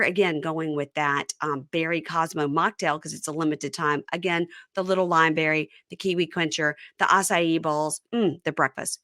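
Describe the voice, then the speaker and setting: A woman hosting a podcast, chatting casually and reading an ad, with playful quick asides. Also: low voice, fairly bright tone, no echo, clean studio sound. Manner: chatty, quick shifts into playful quoted voices. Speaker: podcast host. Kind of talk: casual chat and read ad.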